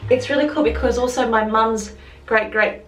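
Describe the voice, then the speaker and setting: With music in the background and a distant mic picking up roomy echo, this Australian vlogger talks casually to camera, rambling and fixing her words along the way. Her pitch is fairly high and her speed normal.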